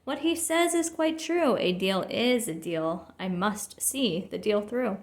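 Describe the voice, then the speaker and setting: Woman doing a gentle, fretful elephant. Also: mid-range voice, lively intonation, slow. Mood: pleading. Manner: pleading, fretful. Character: big gentle male elephant, weary and honest. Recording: roomy echo.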